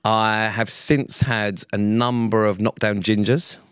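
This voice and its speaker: A man's voice: on the low side, little pitch movement, slow, clear, resonant tone, no echo. Sweary, dry-humoured man. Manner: sweary, dry, self-mocking storyteller. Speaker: podcast co-host. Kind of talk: casual storytelling chat.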